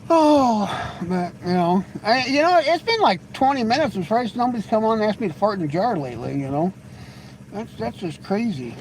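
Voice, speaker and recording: A man's voice: high-pitched, animated, a little fast, a little hiss or hum, poor audio. A man hosting a live stream, chatting casually with viewers in a rambling, teasing way, often stammering into restarts. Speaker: livestream host.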